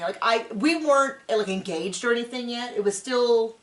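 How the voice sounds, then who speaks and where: Brief: woman host, higher voice, animated chatty storyteller, echoey room. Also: normal speed. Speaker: podcast host. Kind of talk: casual recap chat. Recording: roomy echo.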